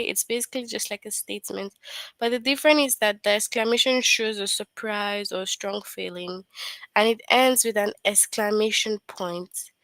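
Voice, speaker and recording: A woman's voice: a little high, fairly bright tone, no room sound, poor audio. A woman teaching an online grammar lesson to young children, patient and repetitive, often checking in with questions.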